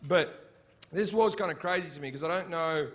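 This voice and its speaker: A middle-aged man telling a crude war story as a stand-up comedian, breaking into shouted punchlines. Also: fairly high pitch, moderate pace. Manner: crude, shouty punchlines with sudden yelled quotes. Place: comedy stage before a laughing audience.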